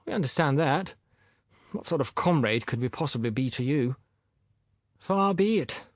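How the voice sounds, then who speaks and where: A man's voice: mid-range voice, expressive, moderate pace, no echo, studio quality, voice pushed up, close to an everyday voice. A male narrator voicing a boorish, insolent young man who talks back cockily and indignantly. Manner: cocky, indignant, sullen.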